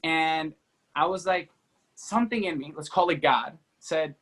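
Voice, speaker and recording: A man who is a guest on a podcast, telling a personal story as an energetic, fast-talking storyteller with many fillers like "you know" and "like". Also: a little high. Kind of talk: animated storytelling in an interview.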